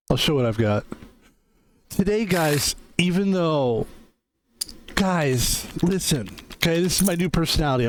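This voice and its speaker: A male game streamer with a somewhat high voice, chatting loosely as he plays online poker. He rambles and pokes fun at himself, with a faint hiss behind him. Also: poor audio. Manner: rambling, self-mocking, heavy use of "like". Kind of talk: casual live-stream commentary.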